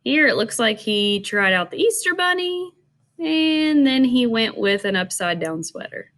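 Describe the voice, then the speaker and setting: A woman who teaches, reading a picture book aloud to children and gently asking them questions about it. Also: a little high, big pitch swings, unhurried.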